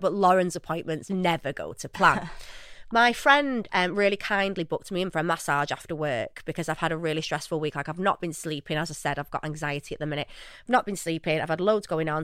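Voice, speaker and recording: A young woman co-hosting a podcast, telling a story with lively acted-out quotes and casual swearing. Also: deep voice, clean tone, no echo, studio quality. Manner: animated storyteller, acts out quotes, swears freely. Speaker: podcast co-host.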